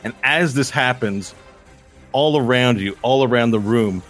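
A man running a tabletop game as game master, narrating a space battle in an excited, rambling way full of fillers. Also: medium pitch, a little slow, soft background music.

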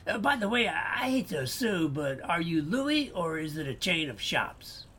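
A man's voice: very animated, normal speed, pushed and bright, slightly rough, exaggerated voice. A man as a salesy Boston customer. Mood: upbeat. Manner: salesy, upbeat pitching. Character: eager Boston customer selling a clock. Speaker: customer selling items.

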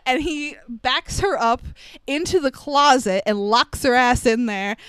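A woman's voice: high voice, measured pace, clean tone, no room sound. Chatty woman recapping a movie. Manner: chatty, animated storytelling with many "like" fillers and laughs. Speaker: podcast co-host recapping a film. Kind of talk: casual chat.

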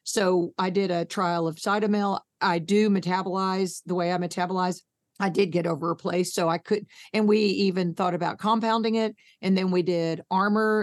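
A woman, a podcast guest telling her story in a blunt, folksy, animated way and acting out the voices in it. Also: mid-range voice, no echo. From Arkansas, USA. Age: 50s. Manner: animated, acts out both sides of conversations. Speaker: podcast guest, patient advocate. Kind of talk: candid storytelling interview.

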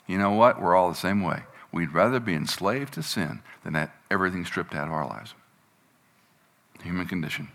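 A man with a lowish, bright and forceful voice preaches a sermon in a plain, conversational way. He reads scripture aloud and breaks into animated, exasperated asides when he acts out the complaints of the people. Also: moderate pace. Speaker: pastor.

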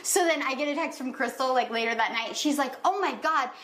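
High-voiced joking woman in echoey room. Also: quick pace. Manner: animated, jokey, acts out quotes. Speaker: podcast co-host. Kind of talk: casual chat. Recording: roomy echo with faint noise.

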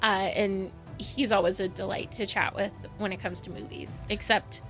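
A woman's voice: medium pitch, fairly even intonation, normal speed, a bit bright, soft background music. A woman co-hosting a movie podcast, laughing often and steering the chat between topics. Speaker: podcast co-host. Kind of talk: casual comedic chat.

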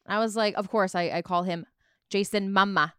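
A woman's voice: medium pitch, fairly even intonation, moderate pace, bright, forceful tone, clear, resonant tone, no room sound, clean studio sound. A woman with a New York accent, co-hosting a podcast in upbeat casual chat and reading out poll results. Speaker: podcast co-host.

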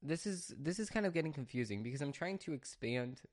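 A man's voice: on the high side, expressive, fairly quick. Rambling, chatty man hosting a podcast. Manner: rambling, chatty, restarts and sidetracks. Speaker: podcast host. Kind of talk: casual solo podcast monologue. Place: home studio.

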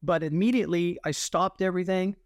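Interview guest, male, animated storyteller who mimics others; somewhat high pitch, dry studio sound. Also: a little fast, no room sound. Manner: animated storyteller, acts out quoted voices. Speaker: guest, military veteran and artist. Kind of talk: testimony in an interview.

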